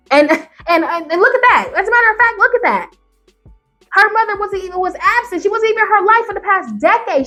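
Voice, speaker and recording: A woman's voice: sits high, a bit bright. A woman YouTuber giving ranting reaction commentary on Reddit stories, profane and emphatic, firing off rhetorical questions.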